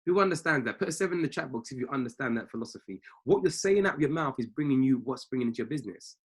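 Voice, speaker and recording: Speaking very fast in an expressive, mid-range voice with a slight roughness, this trading mindset coach runs a live call for traders from a family home. His style is emphatic and preachy, with his key phrases repeated.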